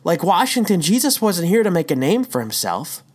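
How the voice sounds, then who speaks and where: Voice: mid-range voice, big pitch swings, normal speed. A devotional teacher giving a casual talk, telling a story with emphatic rhetorical questions and chatty asides. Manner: conversational, says "dude" and "right?".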